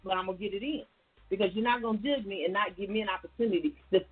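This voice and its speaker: A woman's voice: medium pitch, racing, breathy edge. A woman hosting a call-in radio talk show, speaking in a folksy, casual way and often calling her listeners y'all. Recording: tinny phone-like radio line.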